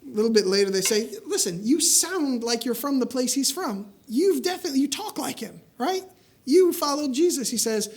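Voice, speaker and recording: A man preaching a sermon, telling a story with lively acted-out dialogue. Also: normal speed. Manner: animated storytelling, acting out dialogue with rising pitch.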